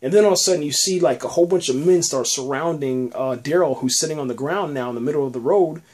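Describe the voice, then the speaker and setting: A man with a fairly high speaking voice recaps an episode on his podcast. He is loose and animated, and keeps dropping "man" and "you know what I'm saying" between phrases. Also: quick pace, husky. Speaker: podcast host reviewing a TV episode.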